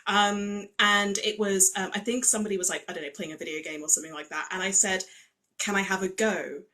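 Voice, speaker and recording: A woman's voice: medium pitch, steady tone, pushed and bright, poor audio. English woman with received pronunciation. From England. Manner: storytelling, polite, measured. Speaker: livestream guest. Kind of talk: casual chat. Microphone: webcam or phone mic on a livestream.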